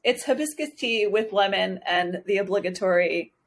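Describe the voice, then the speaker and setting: A woman's voice: medium pitch, normal speed. A woman co-hosting a podcast from Hawaii in a casual chat, bubbly and giggly with frequent exclamations. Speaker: podcast co-host.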